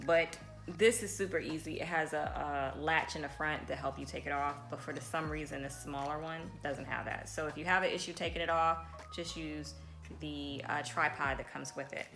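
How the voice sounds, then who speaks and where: A woman's voice: deep voice, steady tone, moderate pace, vocal fry, a bit bright, faint music behind. A woman vlogging casually about a pocket camera, chatty, with reassuring asides to her viewers, partly walking outdoors on a windy beach. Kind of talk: casual product vlog. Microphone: handheld pocket camera mic.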